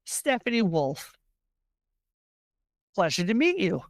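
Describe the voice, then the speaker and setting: A woman's voice: mid-range voice, sing-song, slow, dry recording, studio quality. A woman doing a teasing English lady who mimics accents. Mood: pleased.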